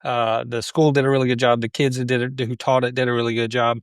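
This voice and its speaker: A man's voice: medium pitch, little pitch movement, fast talker, clear, resonant tone, dry recording. Reflective man telling parenting stories. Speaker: podcast guest. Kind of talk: conversational interview.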